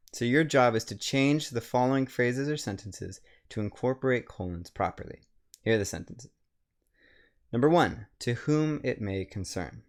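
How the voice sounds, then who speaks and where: Speaking in a mid-range voice, a man from a writing center delivers a recorded grammar lecture. He explains things step by step and slows down when reading example sentences.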